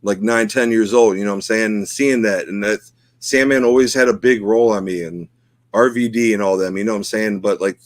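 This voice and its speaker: Middle-aged guy on a podcast, low dry voice, gets choked up and rambles, lots of "you know what i'm saying". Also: brisk, dry recording. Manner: emotional, heartfelt, rambling with many fillers. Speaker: podcast co-host. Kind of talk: casual chat.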